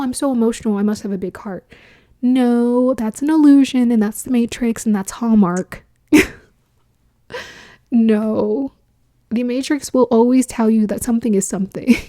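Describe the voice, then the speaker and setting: A woman's voice: fairly high pitch, dark tone. A woman giving a casual spiritual astrology talk, musing aloud, laughing often and dropping into whispers for emphasis.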